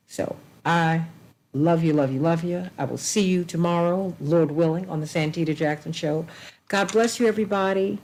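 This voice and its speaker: A woman's voice: on the low side, moderate pace, a little mellow, a little hiss or hum, low-quality recording. A woman hosting a talk show and signing off, effusive and emphatic, repeating blessings and affection with a preacherly rhythm.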